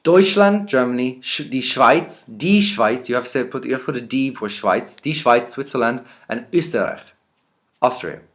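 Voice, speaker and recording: An Irish man teaching a vocabulary lesson, reading each word out and then explaining it in a relaxed, chatty way. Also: medium pitch, a little fast. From Ireland. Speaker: language teacher.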